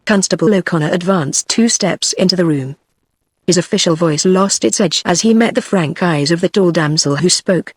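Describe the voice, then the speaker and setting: A text-to-speech woman's voice with a British English accent, reading a novel aloud in even, machine-paced narration. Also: fairly low pitch, moderate pace, breathy edge, no room sound, studio quality. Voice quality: even, machine-read delivery. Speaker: audiobook narrator. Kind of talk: synthetic audiobook narration.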